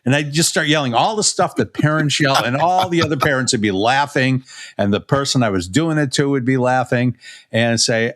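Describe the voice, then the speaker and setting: A man, co-hosting a podcast as a pitching coach, telling coaching stories in a rambling way with many fillers. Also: lively intonation, moderate pace, fairly bright tone. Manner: rambling, anecdotal, many "you know" fillers. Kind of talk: casual podcast chat, storytelling.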